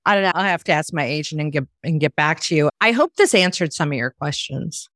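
A woman's voice: low-pitched, expressive, quick pace, a bit bright, no echo, studio quality. A woman hosting a podcast, chatting casually and laughing often. She is from the United States. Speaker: podcast host.

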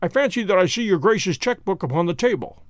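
A man's voice: high voice, lively intonation, no room sound. Sherlock Holmes, voiced by a man, cold and precise. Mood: cool. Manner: cold, measured and inexorable. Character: cool, precise male detective, calm and unyielding.

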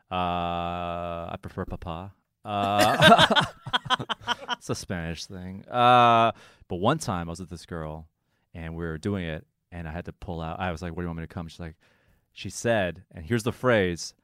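A man with a deep voice tells loose, joking stories on a podcast and swears freely. His pitch swings widely as he talks. The sound is close and dry. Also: expressive, measured pace, bright, forceful tone, smooth, dry recording. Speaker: podcast guest. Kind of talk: casual chat.

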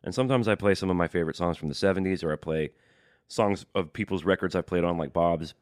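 A man co-hosting a podcast, chatting casually and telling stories with animated delivery and frequent laughs. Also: low voice, fast talker, no echo, studio quality. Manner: animated storytelling, laughs often. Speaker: podcast co-host and touring musician. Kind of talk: casual conversational podcast chat.

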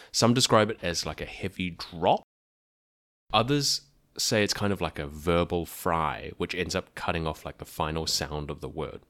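A man hosting a podcast, explaining a language in a clear, methodical way with dry asides. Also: low-pitched, fairly bright tone, no room sound. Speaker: podcast host teaching about a language.

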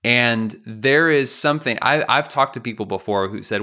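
A man's voice: medium pitch, moderate pace, sharp tone. A man co-hosting a podcast in casual chat, playful, laughing often and explaining things step by step. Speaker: podcast co-host.

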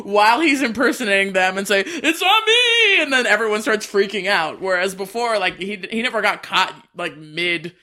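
Bright voice, casual movie podcast, recapping plot, relaxed delivery. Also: medium pitch, brisk, hardly any pauses. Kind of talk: casual movie review chat.

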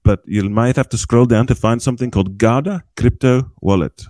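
A man's voice: medium pitch, brisk, mellow, dry recording. A man as a podcast guest, explaining cryptocurrency in a chatty, folksy way and often checking in with "okay?". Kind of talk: casual explanatory podcast talk. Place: podcast recording with a small group.

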